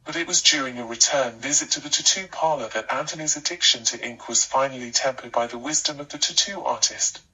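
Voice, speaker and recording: A man narrating a scripted life story with a steady, even storytelling delivery. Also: mid-range voice, brisk, few pauses, slightly rough, far from the mic, poor audio.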